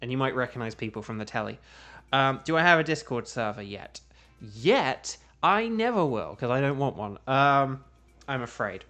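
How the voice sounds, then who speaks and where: A man's voice: medium pitch, big pitch swings, moderate pace, sharp tone. Chatty man hosting a game stream. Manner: rambling and chatty, hums to himself between thoughts. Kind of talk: casual live-stream chat while playing. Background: faint background music.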